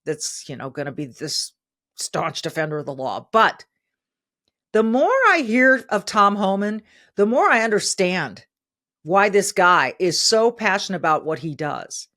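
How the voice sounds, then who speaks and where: A woman's voice: fairly low pitch, animated, a little slow, a bit bright. A middle-aged woman hosting a podcast, delivering emphatic opinion commentary and repeating phrases for stress. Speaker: podcast host.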